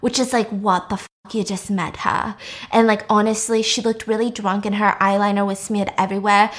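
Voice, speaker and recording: A woman's voice: medium pitch, flat delivery, moderate pace. A young woman casually recapping a movie, swearing, sarcastic, and acting out the characters' lines. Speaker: film recapper.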